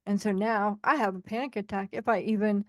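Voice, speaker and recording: A woman's voice: medium pitch, brisk, no echo, clean studio sound. A woman co-hosting a podcast, talking candidly and animatedly about her own experiences, often acting out what other people say. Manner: frank and animated, acting out quoted voices. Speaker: podcast co-host. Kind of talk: candid conversational storytelling.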